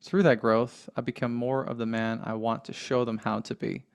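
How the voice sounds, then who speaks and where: A man hosting a podcast interview, affirming and relaxed as he sets up a question. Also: medium pitch, moderate pace, gravelly, clean tone. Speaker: podcast host. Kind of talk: casual interview.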